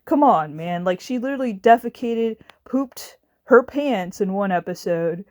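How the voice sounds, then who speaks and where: A woman's voice: mid-range voice, lively intonation, moderate pace, few pauses, darkish tone, dry recording, clean studio sound. A woman delivering a casual, exasperated rant as a video reviewer, sarcastic and swearing now and then. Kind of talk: casual ranting commentary.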